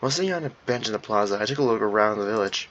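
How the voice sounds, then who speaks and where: A man's voice: lowish voice, expressive, rapid-fire, a bit bright, dull audio, slight background noise. A man reading a visual novel aloud with playful commentary, often laughing at himself.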